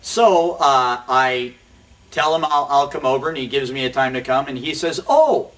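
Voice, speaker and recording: A man's voice: medium pitch, fairly even intonation, fairly bright tone, distant mic. Man telling a story from off the mic. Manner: rambling, self-deprecating, quotes people in quick asides. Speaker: recovery show host telling his story. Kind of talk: casual storytelling.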